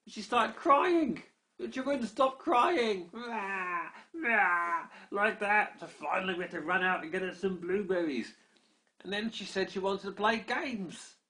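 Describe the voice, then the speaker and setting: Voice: medium pitch, lively intonation, moderate pace, sharp tone, pitched above the performer's own voice. An adult voicing a band of small, frazzled goblins in a bedtime story, pleading and grunting "gob, gob" between complaints. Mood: exasperated.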